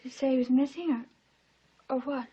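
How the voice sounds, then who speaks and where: An earnest high-voiced young daughter. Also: female voice, brisk, dark tone, slightly rough. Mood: grieving. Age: young adult. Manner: earnest, wistful. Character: earnest young woman, daughter with a soldier fiancé. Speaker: daughter, hospital volunteer. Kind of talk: 1940s studio film acting. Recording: dull 1940s film soundtrack with score. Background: orchestral film score.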